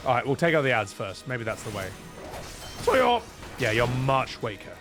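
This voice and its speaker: A man's voice: mid-range voice, sing-song, normal speed, long pauses, over music. A man giving crude, joking commentary while playing a game. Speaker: gamer and voice dubber. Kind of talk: casual gameplay commentary.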